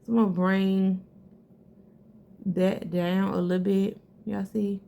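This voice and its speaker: A woman's voice: mid-range voice, little pitch movement, slow pace, vocal fry, dark tone. A woman talking viewers through her eyebrow routine in a casual, chatty way, calling them girl and sis. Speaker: beauty vlogger. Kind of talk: casual makeup tutorial.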